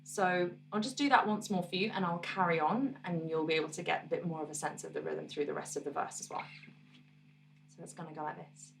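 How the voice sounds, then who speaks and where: A woman musician teaching her own song on guitar, explaining parts in a relaxed, encouraging way and counting beats aloud. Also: deep voice, fairly quick, creaky, far from the mic, a little hiss or hum.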